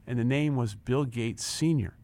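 A man's voice: medium pitch, normal speed, dry recording. A man in his sixties, a guest in an interview, telling a personal story with energy, acting out the dialogue and repeating words as he gets carried away. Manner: animated storyteller, acts out quoted dialogue, repeats words when excited. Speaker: interview guest, former company chief.

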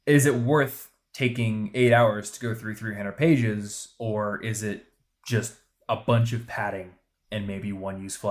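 A man co-hosting a podcast, giving blunt, emphatic advice in casual chat. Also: on the low side. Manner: emphatic, punchy advice-giving with quick asides. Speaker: podcast co-host.

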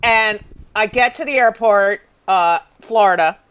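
A middle-aged woman comedian telling stories in a brash, profane, animated way, acting out the people in them. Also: mid-range voice, unhurried, clean tone. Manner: brash, profane storytelling with acted-out voices. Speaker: comedian guest. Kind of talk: casual comedic chat.

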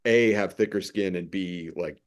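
Podcast host guy, lowish voice, rambly questions. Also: normal speed. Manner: asks long, winding questions. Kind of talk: casual interview chat.

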